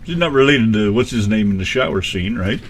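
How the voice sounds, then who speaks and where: A man co-hosts a casual radio show with his wife, joking around, teasing playfully and breaking into snatches of song. His voice is lowish, animated and a little fast.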